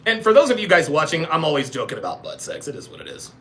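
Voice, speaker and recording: A man hosts a live reaction stream and reads out chat as he goes. His voice sits high and sounds bright and forceful. He jokes crudely and breaks into laughter often. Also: quick pace, slight background noise. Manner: crude joking, laughs often, animated exclamations. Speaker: host of a dating-show reaction stream. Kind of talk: live reaction commentary reading chat aloud.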